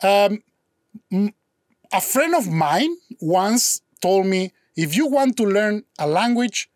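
Brief: male teacher, higher voice, dry close sound, animated storyteller. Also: slow pace, no room sound. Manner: animated storyteller, acts out quoted dialogue, frequent restarts; non-native English with slips. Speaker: language teacher. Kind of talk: casual conversation.

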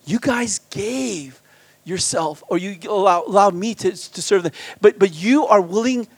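A man preaching as a guest pastor at a church retreat, animated, swinging between loud emphasis and quiet asides. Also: high voice, unhurried, dry recording. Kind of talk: sermon.

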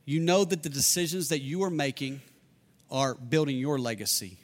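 A man's voice: medium pitch, moderate pace. Earnest man preaching a sermon. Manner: earnest, repeats lines for emphasis, shifts between loud and hushed. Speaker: pastor.

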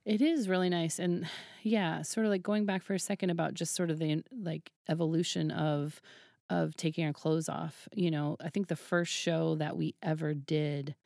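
A woman's voice: sits low, moderate pace, vocal fry, no room sound, studio quality. A woman guest in a casual interview, telling stories with a lot of laughter and acting out the dialogue she quotes. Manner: animated, laughs often, acts out quoted dialogue. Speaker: podcast guest, burlesque troupe founder.

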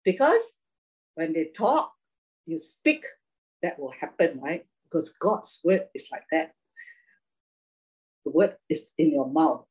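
A woman's voice: on the low side, darkish tone, slightly rough, poor audio. A woman preaching an informal sermon, chatty, often asking her listeners questions and laughing.

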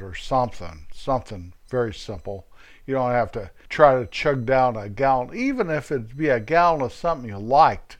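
A man's voice: mid-range voice, lively intonation, normal speed. Folksy, rambling older man. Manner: folksy, digressive, joking. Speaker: vlogger. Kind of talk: rambling humorous monologue.

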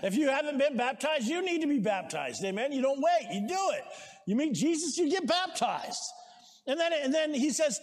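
High-voiced man preaching in a big hall. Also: big pitch swings, moderate pace. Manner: exhorting, calls for amens, shouts at peaks. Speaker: pastor. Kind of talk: sermon. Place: church sanctuary. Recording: long reverb of a large hall.

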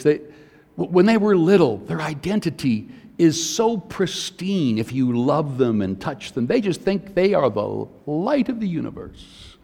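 Older preacher, long hall reverb. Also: male voice, a little high, a little mellow. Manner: conversational storytelling preacher. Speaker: pastor. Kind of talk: sermon.

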